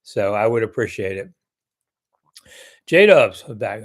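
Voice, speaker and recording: A man's voice: mid-range voice, animated, moderate pace. An older man hosting a casual live sports chat, blunt and chatty as he reads viewer comments and answers them.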